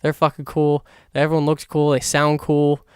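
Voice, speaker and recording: A young man hosting a solo podcast, rambling excitedly in a casual monologue and swearing a lot. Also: on the high side, moderate pace, clean tone, no room sound, clean studio sound. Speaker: podcast host.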